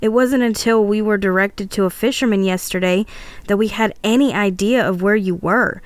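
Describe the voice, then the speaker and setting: A woman's voice: medium pitch, normal speed, dry recording, natural voice. A woman voicing a worried female friend who explains things in a pleading, insistent way. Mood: concerned.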